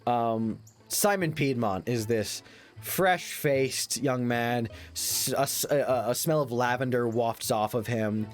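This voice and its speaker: A man running a tabletop role-playing game as game master. He narrates in a loose, rambling way, full of fillers, at a middle pitch. Faint music plays behind him. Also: takes it slowly.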